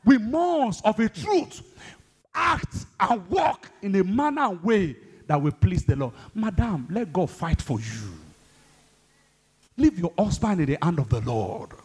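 A man preaching a sermon, exhorting the congregation, swinging between loud high bursts and low asides. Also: sing-song, unhurried, slightly rough. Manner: exhorting, calls the congregation to respond. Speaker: pastor.

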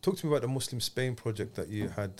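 A man hosting a casual podcast chat, animated and slangy, quick to get excited. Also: medium pitch. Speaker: podcast host.

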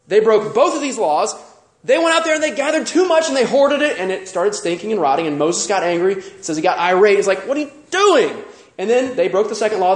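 A man preaching a sermon as pastor, animated and full of rhetorical questions. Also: high-pitched, echoey room.

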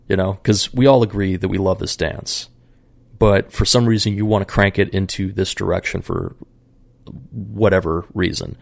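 Casting note: very low, gravelly male voice, loose profane storyteller, dry close mic. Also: steady tone, moderate pace, no echo. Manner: rambling, profane, many fillers. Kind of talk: casual storytelling.

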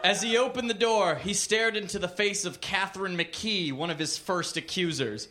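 A man's voice: sits high, normal speed, hardly any pauses. A man reading a crude comic story aloud on a comedy club stage, with mock-literary narration. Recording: noisy live club recording.

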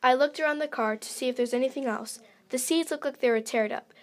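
A woman reading aloud a homemade mystery story in an earnest, unpolished way. Her voice sits fairly high, and her phrasing is simple and direct. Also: quick pace.

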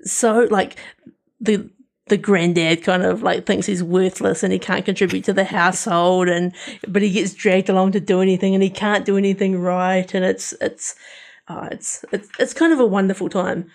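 A man's voice: high voice, steady tone, moderate pace, gravelly. A man co-hosting a casual podcast, rambling about TV shows he watched with lots of restarts and fillers. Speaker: podcast co-host. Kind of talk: casual chat reviewing TV shows.

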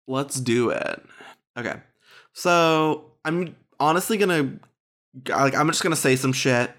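A man's voice: a little high, a little slow, a bit bright. A man co-hosting a casual recap podcast, sarcastic and swearing freely. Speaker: podcast co-host.

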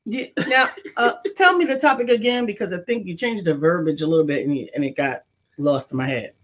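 A woman's voice: fairly low pitch, expressive, brisk. Woman, morning show co-host, playful, sing-song greetings, chatty. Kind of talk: casual morning show chat.

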